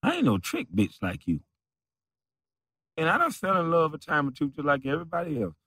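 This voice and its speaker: A man's voice: a little high, wildly swooping pitch, a little fast, sharp tone, husky, no room sound, studio quality. A man who makes videos, delivering a mocking, profane rant at a rival, repeating taunts and breaking into laughter. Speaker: video creator.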